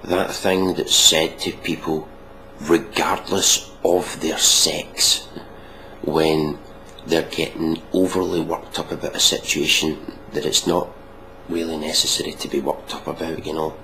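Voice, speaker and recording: A man's voice: sits low, sharp tone, a little hiss or hum, poor audio. A man giving mocking, sweary reaction commentary on a video, ranting sarcastically.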